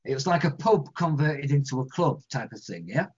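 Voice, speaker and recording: A man with an English accent, a guest musician telling stories in an interview, animated and acting out other people's voices. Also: a little high, brisk, breathy edge. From England. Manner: animated storyteller, acts out quoted voices. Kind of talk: storytelling interview answers. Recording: lo-fi muffled audio.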